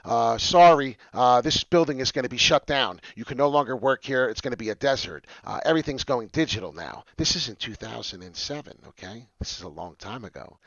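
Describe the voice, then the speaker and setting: Loud, rambling male crypto streamer. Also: mid-range voice, no room sound, dull audio. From New York. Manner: loud, animated, rambling, swings from muttering to shouting. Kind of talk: casual livestream chat.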